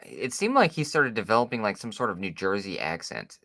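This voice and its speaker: Man, hesitant casual podcast chat, dry close mic, lowish voice. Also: huge pitch swings, gravelly, sharp tone, no room sound. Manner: hesitant, halting with restarts and fillers. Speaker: podcast co-host. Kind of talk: casual film-review chat.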